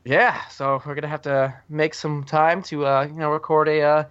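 Jokey podcast host guy, kinda high voice, rambles a lot, dry muffled lo-fi sound. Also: little pitch movement, moderate pace, fairly bright tone, smooth, dry recording. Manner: rambling and jokey, with many fillers. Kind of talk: casual chat. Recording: dry, dull lo-fi recording.

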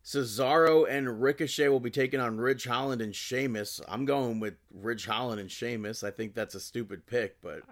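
A man co-hosting a casual podcast, making picks in a relaxed way and laughing at his own jokes. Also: medium pitch, normal speed, few pauses. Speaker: podcast co-host. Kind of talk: casual wrestling podcast chat.

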